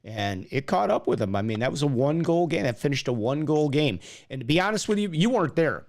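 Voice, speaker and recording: A man's voice: on the high side, big pitch swings, fast talker. Chatty male talk show host. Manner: chatty, stumbling restarts, teasing. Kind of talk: casual chat on a live stream.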